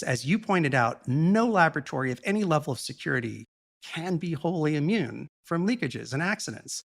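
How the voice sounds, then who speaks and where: A man speaking as a podcast guest, explaining a topic in a long, measured and earnest monologue with the odd blunt aside. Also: fairly high pitch, a bit bright.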